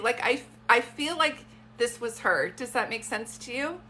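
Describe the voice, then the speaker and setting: A woman's voice: fairly high pitch, animated, unhurried, few pauses, bright, forceful tone, slight background noise. A woman giving a psychic reading on a live stream from a phone, talking in chatty, rambling asides. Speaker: psychic medium.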